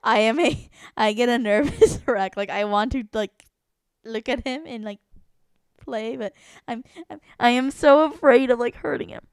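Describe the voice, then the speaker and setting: A woman's voice: a little high, moderate pace, clean tone, no room sound, clean studio sound. A woman co-hosting a casual podcast chat, anxious and self-deprecating, laughing as she talks. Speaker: podcast co-host.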